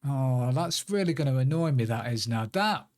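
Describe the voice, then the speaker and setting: A man's voice: medium pitch, lively intonation, moderate pace, a little mellow. A man streaming a building game, muttering to himself as he works and chatting in asides. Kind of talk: casual live-stream chat while playing.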